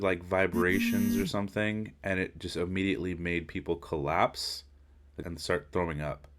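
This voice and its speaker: A podcast host with a very low voice gives a laid-back reaction to a video. He rambles in slang and drifts off on tangents. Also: fairly bright tone. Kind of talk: casual reaction commentary.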